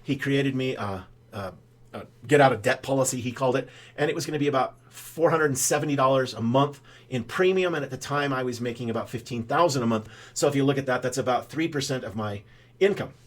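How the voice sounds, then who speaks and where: Older male advisor, casual explainer, folksy and rambling, middle pitch. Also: fast talker. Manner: rambling storyteller, frequent "uh" fillers. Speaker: financial advisor pitching whole-life insurance banking. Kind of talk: casual straight-to-camera explainer.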